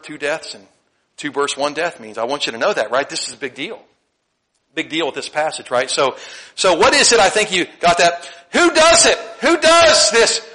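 Male preacher, high voice, bright tone, animated, lots of questions to the room. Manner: animated, conversational, asks the room questions, laughs often. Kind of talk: sermon.

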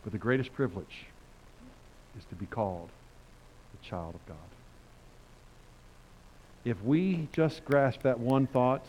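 An older man preaching a sermon in a conversational, animated way, reading scripture and acting out quotes. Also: mid-range voice, takes it slowly, pauses often, a little hiss or hum, rough recording.

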